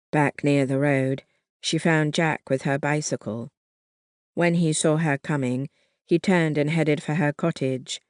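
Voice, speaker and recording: Slow, measured audiobook narrator. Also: medium pitch, a little mellow, dry recording, studio quality. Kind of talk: scripted narration.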